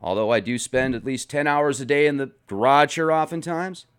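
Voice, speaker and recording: A man's voice: medium pitch, normal speed, clean tone. A man hosting a comedic vlog from his garage, reading viewer comments in a playful, sarcastic manner. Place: home garage.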